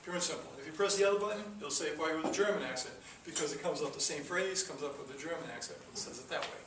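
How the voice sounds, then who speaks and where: In a noisy, echoey classroom captured from a distance, a man lectures on programming step by step, full of fillers and restarts. He speaks very fast in a slightly high voice.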